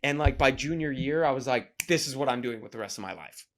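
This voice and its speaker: A man telling a story as a podcast guest, casual and animated, with loud bursts when he acts out lines. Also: mid-range voice, fast, slight background noise. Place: podcast studio.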